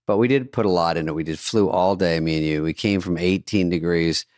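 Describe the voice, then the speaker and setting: A man's voice: low-pitched, fairly quick, darkish tone, clean tone, dry recording. A man in his sixties, co-hosting a podcast and telling stories with dry jokes in casual chat. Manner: dry, joking storyteller. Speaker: podcast co-host.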